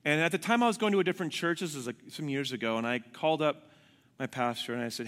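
A man preaching a sermon as pastor, telling stories with animated swings from hushed to shouting. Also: fairly high pitch, fast, long reverb tail.

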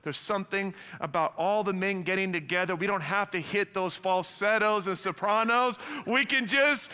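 Bright-voiced pastor preaching in a hall. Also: male voice, high-pitched, smooth. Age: adult with young sons. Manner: lively, joking, conversational preaching. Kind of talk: sermon. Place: church hall before a congregation. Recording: long hall reverb.

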